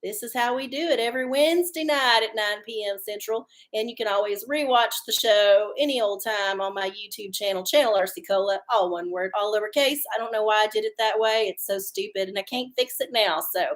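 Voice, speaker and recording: A woman's voice: medium pitch, brisk, few pauses. A woman hosting her own livestream, chatting casually and swearing freely. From Texas. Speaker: livestream host. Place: home studio under hot lights.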